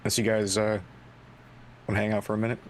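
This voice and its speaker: A man's voice: on the low side, monotone, quick pace, slight background noise. A man playing in a tabletop game, blunt and laid-back, swearing casually. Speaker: player. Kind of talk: casual in-character table talk.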